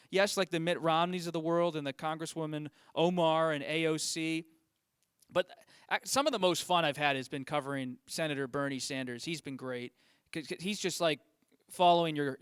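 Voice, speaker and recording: Smooth, dry-voiced man telling a story. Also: a little high, dry recording. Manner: animated anecdote with quoted voices. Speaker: journalist guest. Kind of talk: storytelling to a school audience.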